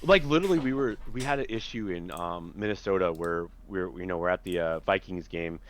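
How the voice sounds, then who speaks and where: A man's voice: low-pitched, fairly quick, a little hiss or hum. A man, a podcast guest telling stories in casual chat and acting out the people he quotes. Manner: animated storyteller, acts out quoted voices.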